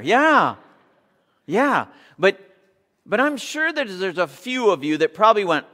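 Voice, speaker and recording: A man's voice: high voice, sing-song, a little slow, bright, forceful tone. A man preaching a sermon to his congregation, reading scripture aloud and leading them in a call-and-response cheer. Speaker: pastor. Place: church sanctuary. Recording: long reverb of a church hall.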